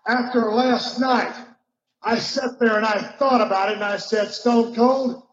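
A man doing an impression of a brash, loud male wrestler giving a repetitive promo speech. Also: very high-pitched, steady tone, pitched above the performer's own voice. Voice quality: shouty, repetitive, drawn-out. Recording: echoey, muffled, noisy room.

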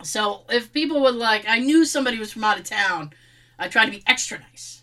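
A woman chats in a casual storytelling way, her voice sitting high and swinging widely up and down. She laughs easily and drops the odd swear word as she talks. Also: expressive, fairly quick, a bit bright, rough recording. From Boston.

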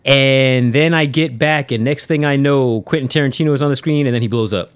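A man's voice: medium pitch, brisk, noisy background. A man co-hosting a podcast in casual chat, a profane, rambling storyteller who acts out his own reactions. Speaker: podcast co-host. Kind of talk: casual chat about movies.

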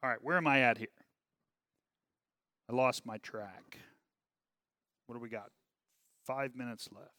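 A man's voice: fairly even intonation, measured pace, long pauses, bright, forceful tone, no room sound. A man teaching a religious class, reading from a text and breaking off to comment, often asking "okay?" and "right?", his volume rising and falling. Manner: volume rises and falls widely, dropping low on asides.

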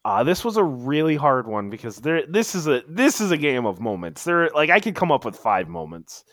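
A man's voice: fairly high pitch, sing-song, moderate pace, a bit bright, dry recording. A man chatting casually as a podcast co-host, telling a story with lots of restarts and emphatic bursts. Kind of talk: casual chat.

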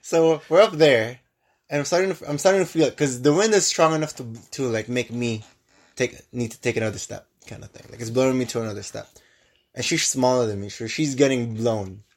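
A young man co-hosting a podcast, telling a travel story in casual chat, with lively bursts and frequent restarts. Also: medium pitch, brisk. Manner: animated storyteller with many restarts. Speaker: podcast co-host.

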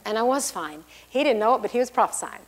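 A middle-aged pastor's wife giving a lively church testimony, acting out the people she quotes. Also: fairly high pitch, quick pace. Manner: storytelling, acts out the people she quotes in big, loud voices.

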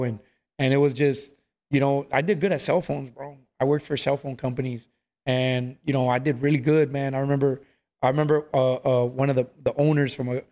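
A man telling stories in a casual chat, acting out what people said. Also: medium pitch. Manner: animated storyteller, acts out quotes, says "bro" a lot.

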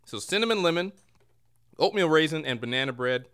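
Male podcast host, smooth and clear, playful mock-announcer manner, home setup. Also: fairly high pitch, lively intonation, a little fast, fairly bright tone. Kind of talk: casual comedic chat show. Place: home room near a window.

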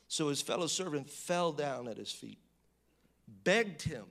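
A man preaching a sermon in a fairly high voice. He moves between loud, emphatic bursts and hushed, low reading, with casual asides and restarts along the way. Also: lively intonation, takes it slowly.

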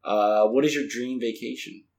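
A man's voice: medium pitch, normal speed, creaky, a little mellow. A man hosting a podcast in casual chat, joking and swearing freely. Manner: joking, profane, laughs often. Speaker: podcast host.

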